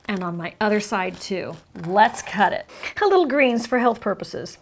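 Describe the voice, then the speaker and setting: A woman's voice: medium pitch, very animated, unhurried, slight background noise. A woman hosting a cooking demonstration, upbeat and exclaiming over the food, sometimes talking with her mouth full. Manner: talks with her mouth full while tasting. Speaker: cooking show host.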